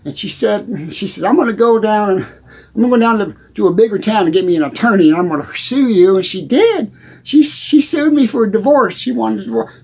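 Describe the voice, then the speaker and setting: A man's voice: high voice, animated, brisk, darkish tone, husky, heavily acted. A man doing a rambling small-town country hick. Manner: rambling, stammering, folksy drawl. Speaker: comedy character host. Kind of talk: character comedy monologue.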